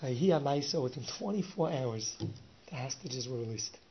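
A man telling a story with lively energy, often laughing and slipping in Yiddish words. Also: mid-range voice, moderate pace. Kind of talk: animated oral storytelling. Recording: dull lo-fi recording with faint hiss.

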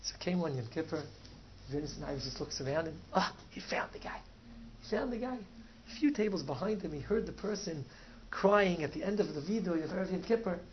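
A man, a rabbi, telling a story in a Torah talk, sprinkling in Yiddish and Hebrew words and swinging from soft to loud. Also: high-pitched, expressive, fast. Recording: dull lo-fi recording with faint noise.

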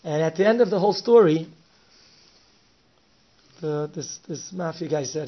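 A man telling a story with lively energy, often laughing and slipping in Yiddish words. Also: a little high, unhurried, long pauses. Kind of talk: animated oral storytelling. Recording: dull lo-fi recording with faint hiss.

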